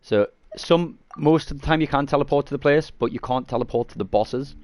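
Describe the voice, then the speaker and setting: A gaming streamer talks at a medium pitch and a fairly quick clip, his voice a little mellow over slight background noise. He's casually walking viewers through a game, rambling and correcting himself. Having just eaten garlic, he keeps getting interrupted by coughs and throat clearing.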